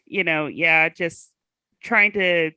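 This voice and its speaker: Slow, hesitant woman, dry close sound. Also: fairly low pitch, sharp tone, clean tone, no room sound, highs cut off. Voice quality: slight speech impediment. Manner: hesitant, many pauses and fillers. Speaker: guest. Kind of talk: casual group chat.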